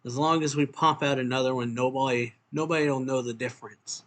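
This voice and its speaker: A man's voice: mid-range voice, steady tone, brisk, fairly bright tone, lightly acted. A man reading the lines of a cold, impatient figure who snaps out threats. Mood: curt. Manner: curt, dismissive threats.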